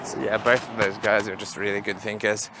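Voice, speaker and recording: Young man, low voice, rambling casual vlog chat, laughs often, walking outside. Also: level tone, a little fast, background noise. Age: young adult. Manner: rambling and chatty, laughs at his own stories. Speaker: vlogger. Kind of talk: casual walk-and-talk vlog. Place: outdoors, walking.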